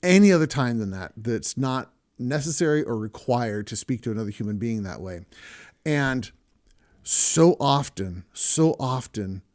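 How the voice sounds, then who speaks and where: A man's voice: medium pitch, expressive, measured pace, a little mellow. A man hosting a podcast, talking earnestly and emphatically, repeating words to stress his points. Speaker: podcast host. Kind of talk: podcast talk.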